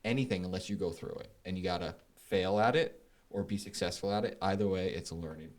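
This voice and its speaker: A man with a lowish voice joins a podcast chat. He speaks in halting, reflective phrases padded with fillers, in a plain conversational tone. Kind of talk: casual conversation.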